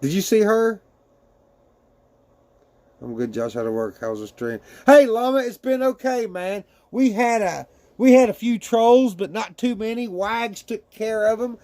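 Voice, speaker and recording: Man, high-pitched, casual livestream chat, laughs often, swears freely, American. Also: expressive, a little slow, a little mellow.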